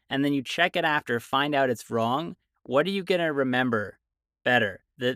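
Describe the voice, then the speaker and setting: A man's voice: mid-range voice, fairly bright tone, dry recording, studio quality. A man hosting a podcast, chatting and joking casually with his guests. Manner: jokey, chatty. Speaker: podcast host.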